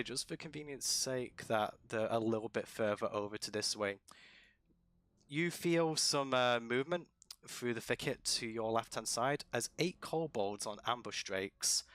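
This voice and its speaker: A man running a tabletop game as dungeon master, narrating at a relaxed pace with many pauses and ums. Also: mid-range voice, smooth, no echo.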